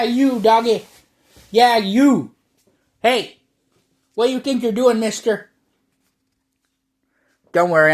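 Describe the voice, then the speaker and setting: Foul-mouthed guy ranting at the camera, slow and draggy, loud exaggerated persona. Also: sits high. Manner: exaggerated brash persona, heavy swearing, rambling. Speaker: online video creator. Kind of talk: rambling profane monologue to camera.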